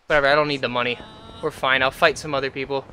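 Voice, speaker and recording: A young man giving let's-play commentary, excitable and quick to yell at the game in frustration, with self-mocking trash talk. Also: medium pitch, a little hiss or hum. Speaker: gaming channel host.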